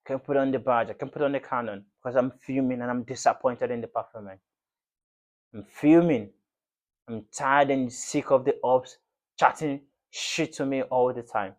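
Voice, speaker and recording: A man's voice: mid-range voice, steady tone, fairly quick. Brief: man, football fan channel host, impassioned slangy rant to camera, repeats himself for emphasis. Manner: passionate, ranting, repetitive, slangy.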